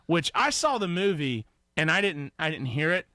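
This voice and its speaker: A man's voice: fairly high pitch, sing-song, normal speed, pushed and bright, no echo. A man hosting a radio show, teasing his guests in casual studio chat. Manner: playful, teasing.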